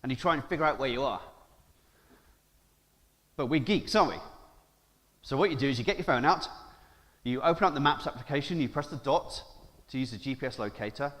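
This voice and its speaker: A man's voice: medium pitch, animated, a little fast, long pauses, a bit bright. A man from Jersey giving a conference keynote, playful and joking, putting questions to the audience. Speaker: keynote speaker. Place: large conference hall. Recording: hall reverb from stage mic.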